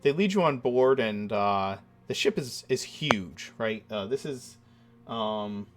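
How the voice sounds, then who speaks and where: A man narrating as dungeon master of a tabletop game, measured and full of uhs and ums. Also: medium pitch, lively intonation. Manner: measured, with frequent uh and um.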